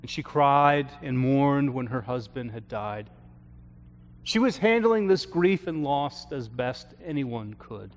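A man, a pastor, telling a story from his counseling work in an earnest sermon, often trailing off softly at the ends of phrases. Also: mid-range voice, animated. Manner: slow, earnest storytelling with soft trailing endings. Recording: long hall reverb.

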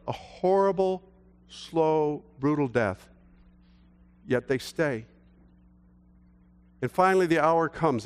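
Middle-aged male preacher, slightly higher voice, storytelling sermon, long church reverb. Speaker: pastor.

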